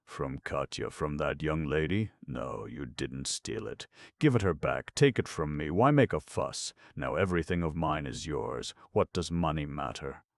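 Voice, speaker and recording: In a dry, close recording, a reckless young woman pleads in a high, strained, breathless voice, as a deep-voiced man reads her out. She sounds tipsy and imploring, and a gravelly edge runs underneath. It plays like a storybook reading. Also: lively intonation, a little slow, few pauses, no echo, heavily acted. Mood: eager.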